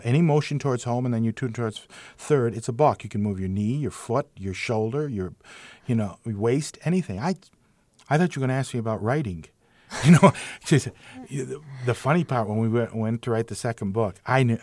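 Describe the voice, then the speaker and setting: Older man spinning lively umpire yarns. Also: a little fast, no echo. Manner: animated, acts out quoted voices with big pitch jumps; self-mocking, punchline-driven humor. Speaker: retired baseball umpire telling stories. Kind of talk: anecdotal storytelling in an interview.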